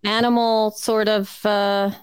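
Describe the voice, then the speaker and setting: A woman's voice: medium pitch, level tone, slow pace, clean tone, no room sound, studio quality. A woman in her thirties, co-hosting a casual chat, telling a story with many fillers and restarts. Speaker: podcast co-host.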